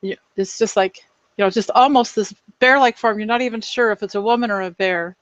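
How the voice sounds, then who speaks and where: Woman player, dry dull recording, animated, repeats herself. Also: medium pitch, a little fast, no echo. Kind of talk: describing her character's actions in a tabletop game.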